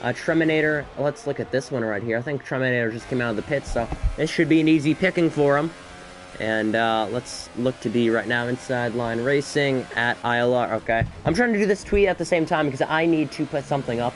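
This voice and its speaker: A man doing solo live commentary on an esports race, excitable and a bit out of breath, with chatty asides between the action. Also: mid-range voice, brisk, slight background noise. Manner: excitable, rising to shouts in battles, chatty asides.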